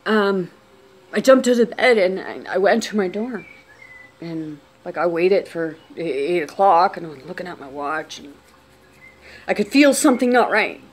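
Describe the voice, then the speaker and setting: A woman telling a personal story on camera, unscripted, talking quietly with many restarts and trailing phrases. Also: fairly low pitch, lively intonation, moderate pace.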